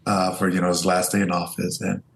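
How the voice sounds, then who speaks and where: A man with a gravelly, creaky voice tells stories as an interview guest, animated and acting out what others said to him. The room around him sounds roomy and echoey. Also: deep voice, brisk, background noise. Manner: animated storyteller, acts out quoted voices. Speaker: interview guest, Air Force veteran. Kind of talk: casual storytelling interview. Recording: roomy echo.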